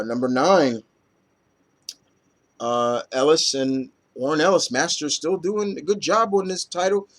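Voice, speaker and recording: Rambling casual comic reviewer, man. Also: medium pitch. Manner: rambling, loose, lots of fillers and casual swearing. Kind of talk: casual chat.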